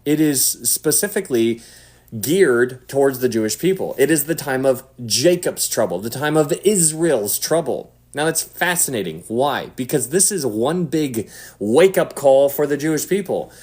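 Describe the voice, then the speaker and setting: An animated man teaching the Bible casually to viewers online, at a middling pitch for a man. His delivery swings between lively, emphatic stretches and quiet, hushed moments meant to drive a point home. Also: normal speed. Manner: animated, acts out quotes, drops to a hush for emphasis.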